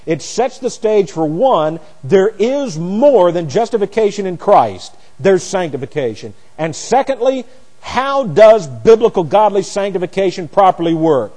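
A man teaching a sermon verse by verse, booming on key phrases and dropping low for asides and stories. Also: expressive, measured pace. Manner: swings from loud emphatic preaching to quiet asides; explains Greek words, tells anecdotes. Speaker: preacher. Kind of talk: expository Bible teaching. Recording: long hall reverb.

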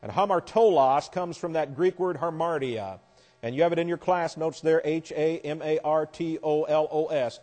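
A man's voice: on the high side, moderate pace, a little mellow. A man teaching a Bible class lecture, explaining verses step by step with wry asides. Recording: long hall reverb.

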